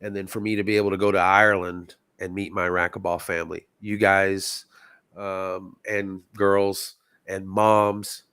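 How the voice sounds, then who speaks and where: A man's voice: deep voice, flat delivery, a little slow, a bit bright, smooth, no room sound, studio quality. Man, stuffy, sick, earnest, reflective, guest in casual chat. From Texas.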